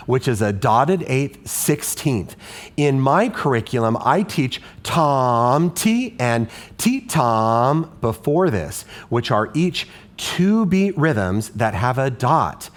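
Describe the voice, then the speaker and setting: A male elementary music teacher who explains a classroom lesson in a patient, questioning tone. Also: mid-range voice.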